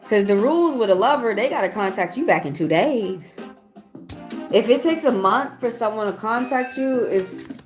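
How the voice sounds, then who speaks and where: A woman with a Southern US accent giving a live-stream tarot reading, chatty and outspoken as she talks straight to her chat. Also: medium pitch. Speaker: tarot reader. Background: faint background music.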